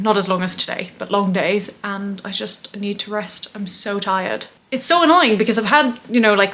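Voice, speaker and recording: A woman's voice: medium pitch, fairly bright tone. A woman chatting casually to camera as a vlogger, rambling and self-deprecating.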